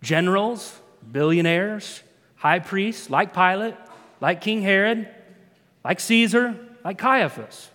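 Animated preacher man in a reverberant hall. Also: sits high, takes it slowly. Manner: animated storytelling, swings from hushed to emphatic. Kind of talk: sermon.

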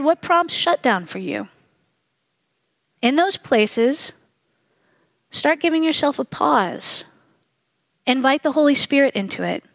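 A middle-aged woman preaching a sermon, earnest and measured, slowing down to stress key phrases. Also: high voice, no echo. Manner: earnest, measured, slows for emphasis.

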